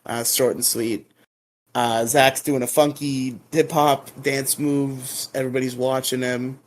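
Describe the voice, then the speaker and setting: A man co-hosting a casual podcast, retelling episodes with filler words and quick high-pitched character impressions. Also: slight background noise. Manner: lively retelling, jumps into exaggerated high voices for characters. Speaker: podcast co-host recapping episodes. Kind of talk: casual recap chat.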